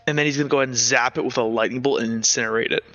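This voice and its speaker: A man's voice: medium pitch, fairly even intonation, rapid-fire, a bit bright, soft background music. A man narrating a tabletop game as game master, rambling and full of fillers. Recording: dull lo-fi audio.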